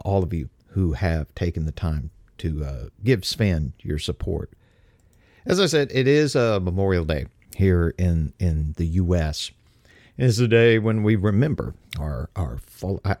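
Low mellow older radio host. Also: male voice, no room sound, clean studio sound. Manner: deliberate, slows for emphasis. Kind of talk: talk radio monologue.

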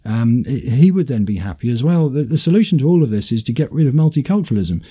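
A man's voice: mid-range voice, sing-song, fast talker, warm tone, slightly rough. A man hosting a political commentary show, making dry, sarcastic remarks. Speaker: host.

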